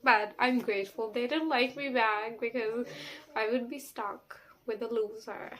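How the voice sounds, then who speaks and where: A young woman rambles through a candid talking-to-camera vlog. Her voice sits a little high. She is sassy and blunt, swears without a second thought, and leans on fillers as she goes. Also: steady tone, unhurried, fairly bright tone. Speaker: vlogger.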